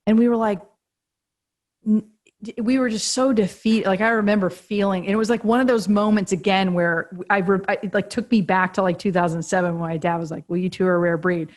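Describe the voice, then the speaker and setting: A woman's voice: mid-range voice, steady tone, brisk. A woman guest on a podcast interview, telling a story animatedly, laughing often and acting out quoted dialogue. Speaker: guest, agency co-founder and author. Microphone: podcast remote call.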